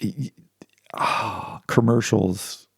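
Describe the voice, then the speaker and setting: A man's voice: on the low side, fairly even intonation, takes it slowly, creaky, breathy edge, no echo, studio quality. A man giving an informal philosophy lecture, talking conversationally with many restarts and asides.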